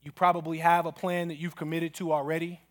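A man delivers a sermon from a church pulpit. His voice sits a little on the high side. He moves between teaching, storytelling and prayer. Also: flat delivery, fast. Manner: storytelling with acted quotes, ends in prayer. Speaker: pastor.

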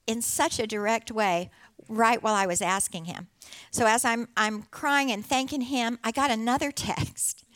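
A middle-aged woman giving an earnest, heartfelt personal testimony to a church congregation, with soft laughter along the way. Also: on the high side, clear, resonant tone. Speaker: church speaker sharing testimony.

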